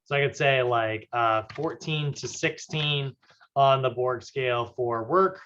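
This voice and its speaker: A man's voice: mid-range voice, measured pace, a bit bright, a little hiss or hum. A man teaching a recorded fitness class in a casual, chatty way, full of fillers and tag questions. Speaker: fitness instructor. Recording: slightly dull lo-fi audio.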